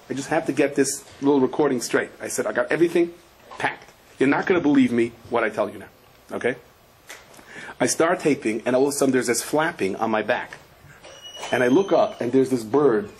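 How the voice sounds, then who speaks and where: Male rabbi, animated storyteller, mid pitch, faint background noise. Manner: animated storyteller, acts out voices, shouts in quotes. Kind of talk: Torah lecture with stories. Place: attic room.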